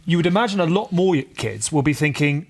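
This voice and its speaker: Fast-talking male podcast host. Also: on the high side, animated. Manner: teasing, steering the talk. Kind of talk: casual chat.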